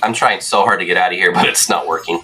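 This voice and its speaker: Young guy streaming, rambly excitable storyteller, bright voice, faint music behind. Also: sits low, quick pace. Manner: rambling storyteller, keeps checking in with "right?"; excitable, swears. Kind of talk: casual gameplay chat.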